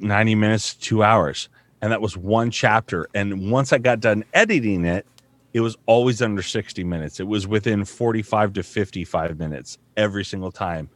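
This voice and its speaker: Man, 30s, voice actor; low, dry, rambling, profane and self-mocking. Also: dry recording. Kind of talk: casual podcast chat. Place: home studio.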